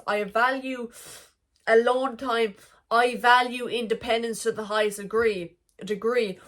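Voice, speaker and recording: A woman's voice: a little high, a bit bright. A young woman vlogging a frank, emotional confessional monologue, swearing freely as she talks.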